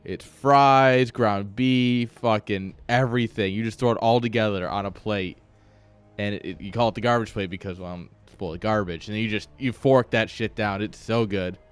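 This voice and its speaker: A man's voice: on the low side, fairly even intonation, moderate pace, smooth, soft background music. A man casting a game stream, chatting casually and teasing with lots of laughs. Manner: joking, teasing, laughs often. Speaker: esports caster.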